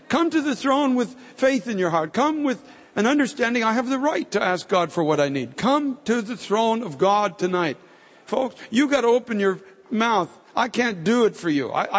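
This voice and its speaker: A man's voice: high-pitched, in a large hall. A man preaching a fervent sermon as pastor, urging his congregation with repeated calls. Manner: fervent, repetitive exhortation.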